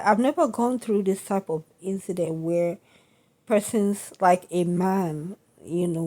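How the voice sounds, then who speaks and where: A woman's voice: medium pitch, warm tone. Indignant woman venting to camera. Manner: indignant, keeps asking "you understand?". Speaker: vlogger.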